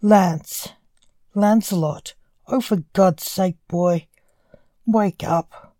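A woman voicing an ancient male reaper who scolds and sounds exasperated, with a mellow tone. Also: medium pitch, very slow, no echo, clean studio sound.

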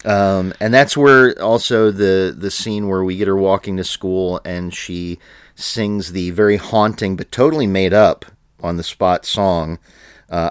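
A man's voice: low voice, steady tone, a little slow, smooth, no echo, clean studio sound. A man co-hosting a podcast in casual chat, rambling with frequent fillers and laughs. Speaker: podcast co-host.

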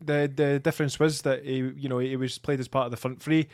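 A man's voice: medium pitch, level tone, brisk, darkish tone, no room sound, studio quality. A Scottish man co-hosting a football podcast in casual, sweary chat, often repeating his words. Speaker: podcast co-host.

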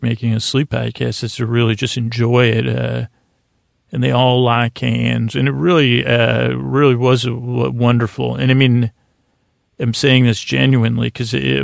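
A man's voice: mid-range voice, creaky, dry recording. A man hosting a sleep podcast, casually recapping a TV episode in a meandering, earnest way. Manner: meandering, many restarts and fillers, quietly earnest.

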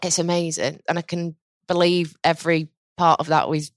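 An interviewer who speaks in quick, encouraging bursts. The voice is mid-pitched and the sound is dry and close. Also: little pitch movement, no echo. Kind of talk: casual interview.

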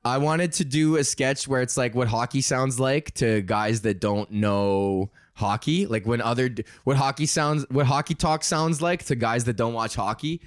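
A young man hosting a casual solo podcast, rambling and swearing as he pitches ideas and laughs at his own jokes. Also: normal speed, hardly any pauses, no room sound, clean studio sound. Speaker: podcast host.

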